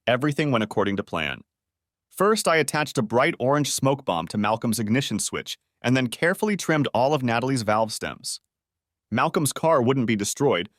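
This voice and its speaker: A man reading a first-person story aloud in a calm, cold, matter-of-fact way. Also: medium pitch, no echo, clean studio sound. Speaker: story narrator.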